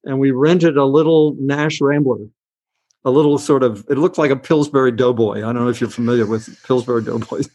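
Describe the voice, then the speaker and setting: With a mid-range, fairly evenly intoned voice, an older guest actor briskly tells a laid-back story in an interview. His speech is full of uhs and restarts, and he teases himself along the way.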